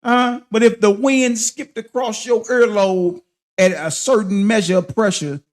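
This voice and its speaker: A man's voice: high voice, steady tone, unhurried. A man hosting a livestream, preaching and confronting his critics in heated, slang-heavy commentary. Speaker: livestream host.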